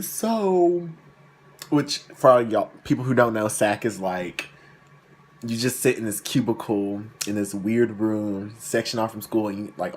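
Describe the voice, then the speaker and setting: A man's voice: lowish voice, a little hiss or hum. A young man who tells a casual story in a rambling, self-deprecating way, with lots of fillers. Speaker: vlogger.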